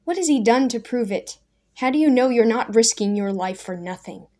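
A woman reading aloud and voicing a scornful, desperate young man who is close to tears, speaking loudly and challenging his friend. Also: on the high side, animated, moderate pace, lightly acted. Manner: loud, pleading, challenging.

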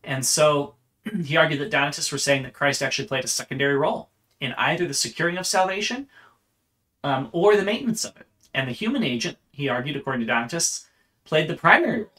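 Bright-voiced man giving a lecture. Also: a little high, lively intonation, fast talker. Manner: earnest, explanatory, with frequent restarts. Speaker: church history teacher. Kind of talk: unscripted lecture.

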